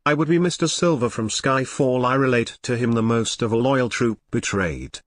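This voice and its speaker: Male text-to-speech voice, dry and flat, reads donation messages. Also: mid-range voice, moderate pace, no echo. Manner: flat synthetic reading.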